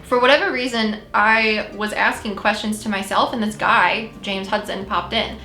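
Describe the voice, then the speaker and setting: A woman's voice: medium pitch, fairly even intonation, moderate pace, sharp tone, roomy sound, faint music behind. A woman co-hosting a podcast in casual, rambling chat, retelling her conversations with a spirit. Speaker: podcast co-host.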